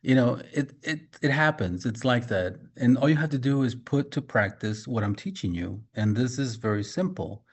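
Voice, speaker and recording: A man's voice: medium pitch, expressive, normal speed, hardly any pauses, breathy edge. A man giving a motivational business training talk, emphatic, repeating key points and speaking straight to his listeners.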